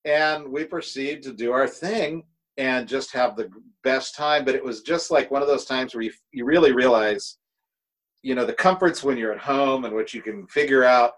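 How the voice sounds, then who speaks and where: With a mid-range, slightly bright voice at normal speed, a middle-aged American guest drummer casually tells rambling road stories and swears freely. Poor audio.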